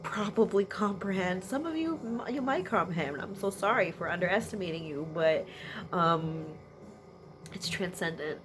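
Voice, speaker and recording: A woman's voice: on the low side, expressive, moderate pace, noisy background. A woman giving an emotional late-night energy reading, sniffly and teary from crying, often trailing off and laughing through tears. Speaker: tarot energy reader.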